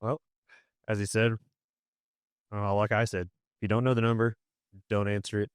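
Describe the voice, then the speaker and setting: A man in his thirties co-hosting a casual podcast, dropping deadpan joking remarks. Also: lowish voice, normal speed, smooth, dry recording, clean studio sound. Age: 30s. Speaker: podcast co-host. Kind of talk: casual chat.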